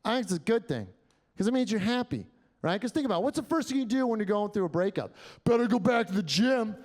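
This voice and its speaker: High-voiced male stand-up comic. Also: fast talker. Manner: animated storytelling with voiced act-outs. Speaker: stand-up comedian. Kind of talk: stand-up comedy set. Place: comedy club stage.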